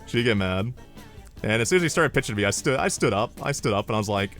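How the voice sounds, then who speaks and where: A man's voice: lowish voice, lively intonation, quick pace, fairly bright tone, faint music behind. Man telling rambling stories with swearing. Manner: rambling, swears freely, laughs at own jokes. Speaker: streamer. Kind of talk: casual storytelling chat.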